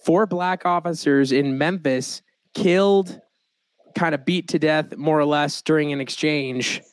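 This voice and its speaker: A young American man hosts a casual podcast in a slightly high voice, joking and laughing as he goes. The sound is dry and close to the mic. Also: a little slow, smooth, no room sound. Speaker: podcast host.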